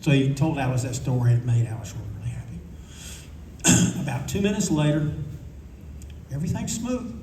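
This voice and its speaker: A man's voice: mid-range voice, big pitch swings, a little fast, long pauses, warm tone, a little hiss or hum. An older man telling rambling anecdotes at a convention panel, acting out what others said. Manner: rambling, acts out quotes of others. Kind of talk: casual anecdotal storytelling. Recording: echoey room from a distance, faint ambience.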